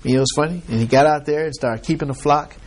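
A man's voice: a little high, quick pace. A man leading a Bible study in a casual, chatty teaching style, laughing often and putting questions to the group.

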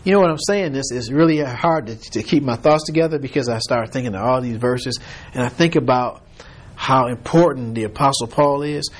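A man's voice: mid-range voice, fairly quick, few pauses. A man leading an informal Bible study, rambling as he retells scripture in quoted voices.

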